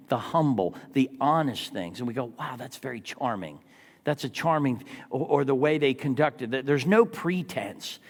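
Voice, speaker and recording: A man in his sixties preaching from the pulpit with a high, lively voice that swings up and down as he tells stories. He keeps turning to the congregation with rhetorical questions. The sound carries a long church reverb. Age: 60s. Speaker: pastor. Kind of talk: sermon. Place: church sanctuary.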